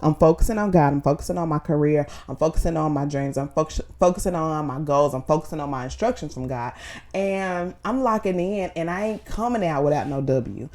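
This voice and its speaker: A woman vlogger giving an animated, slangy, faith-based motivational talk, full of fillers and repeated phrases. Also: low voice, fairly quick.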